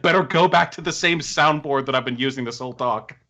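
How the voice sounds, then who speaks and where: Mocking guy on a muffled call, bright tone, cool and snarky. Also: mid-range voice, fairly quick. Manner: sarcastic, mocking, calm needling. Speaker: guest debater. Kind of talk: live-stream debate on a call. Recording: dull lo-fi call audio.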